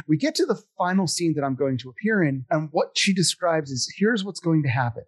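A man's voice: a little high, big pitch swings, a little fast, hardly any pauses, slightly rough. A middle-aged man telling a long story in casual chat, rambling and self-deprecating, with many fillers. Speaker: podcast guest telling stories.

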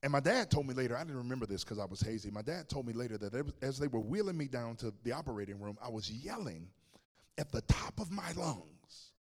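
A man's voice: medium pitch, animated, fast, hardly any pauses. A man preaching a sermon as pastor, telling a personal story with humor and speaking directly to the congregation. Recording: long reverb of a large hall.

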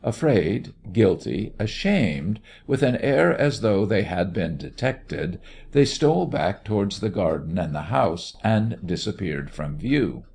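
A man narrating a story in a measured, expressive reading voice. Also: fairly low pitch, gravelly, slightly rough. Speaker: audiobook narrator.

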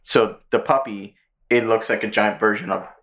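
A man hosting a casual podcast, recounting a cartoon plot with crude humor and quick bursts of put-on voices. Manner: animated retelling, jumps into squeaky character voices. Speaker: podcast host. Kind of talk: casual chat.

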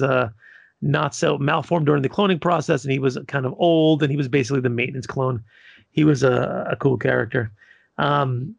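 A man hosts a podcast and reads through a countdown list in a laid-back, rambling way. His voice has a gravelly fry to it, and it sounds dry and close to the mic. He fills the gaps with ums and the odd curse. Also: medium pitch, no echo. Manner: laid-back, filler-heavy, profane. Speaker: podcast host reading a list. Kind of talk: casual podcast list rundown.

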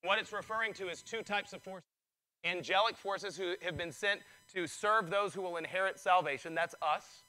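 A male pastor preaching a sermon, excitable and building in intensity, his voice strained from preaching. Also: high-pitched, moderate pace, poor audio.

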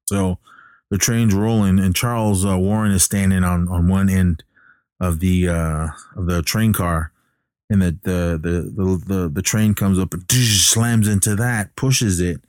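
A man casually recapping a film plot as a podcast host, halting with many fillers and restarts. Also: deep voice, fairly even intonation, a little mellow, no echo, studio quality.

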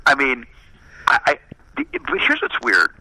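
A man chatting casually, telling stories in an animated, self-deprecating way. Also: medium pitch, moderate pace, no echo, low-quality recording. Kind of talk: casual chat.

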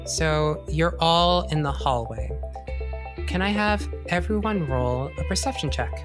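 A woman running a tabletop game as game master, narrating in a relaxed, teasing way. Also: low-pitched, measured pace, over music.

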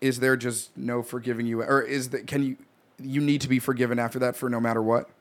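A man's voice: mid-range voice, flat delivery, a little fast. A man from New York telling rambling stories in a casual group chat, laughing often.

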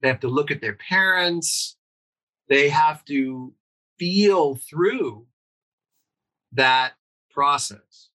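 A man's voice: on the high side, drawn-out words, long pauses, pushed and bright, low-quality recording. A man, a pediatrician guest on an interview, explaining earnestly and asking rhetorical questions.

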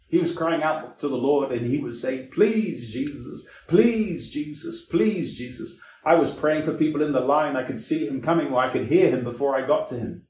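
A man's voice: mid-range voice, fast talker, few pauses, darkish tone, roomy sound, a little hiss or hum. A man preaching a sermon as an evangelist, with emphatic delivery that rises and drops in sweeping waves.

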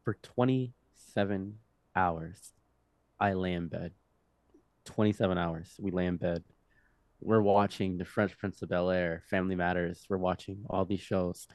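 A young man in his twenties, a podcast guest telling a story in a loose, animated way, with laughs, restarts and swearing. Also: deep voice, a little slow, no echo. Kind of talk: casual storytelling.

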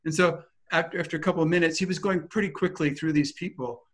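A man giving a teaching talk, telling a lively personal anecdote in a casual way that includes some swearing. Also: fairly high pitch, fast talker, husky. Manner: animated, vivid storyteller with casual swearing.

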